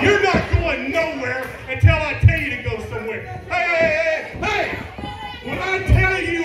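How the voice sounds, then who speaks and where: A man rants as a wrestling manager, barking insults at the crowd in a strikingly high voice. The sound bounces around a big echoing arena, with a loud crowd and music underneath. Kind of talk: heel wrestling promo.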